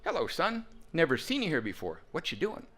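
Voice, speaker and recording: Kindly fatherly old man, gentle voice, as a man does him. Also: mid-range voice, very animated, fairly quick.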